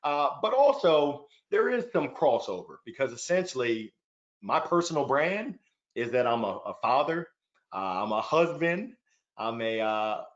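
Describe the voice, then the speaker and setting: As a panel guest on a webinar, this sales leader speaks in a sing-song, mid-range voice at a measured pace, upbeat and earnest, often doubling words as he begins a thought. The video-call recording is muffled.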